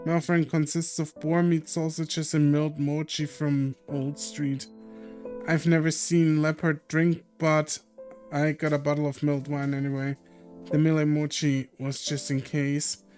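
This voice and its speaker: Streamer reading a visual novel slowly. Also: mid-range voice, little pitch movement, darkish tone, soft background music. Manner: earnest, emotional reading.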